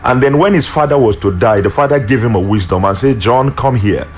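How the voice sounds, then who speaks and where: A man with a Nigerian accent preaching, telling a story with lively acted voices. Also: mid-range voice, quick pace, a little hiss or hum. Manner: animated, acts out story voices. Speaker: pastor. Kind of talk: sermon with storytelling.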